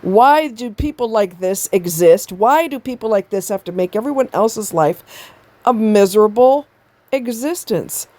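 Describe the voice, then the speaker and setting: A woman's voice: medium pitch, lively intonation, a little slow, darkish tone, dry recording. Woman ranting into the mic, fed up and cussing, super dry sound. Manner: blunt, exasperated, swears freely. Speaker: commentator reacting to a video. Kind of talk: ranting commentary.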